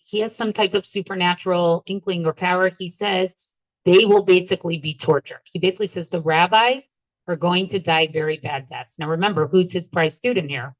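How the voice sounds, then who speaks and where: A woman's voice: lowish voice, no room sound, highs cut off. A woman giving a Talmud class, reading the text and translating it line by line, checking in with her listeners as she goes. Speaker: teacher.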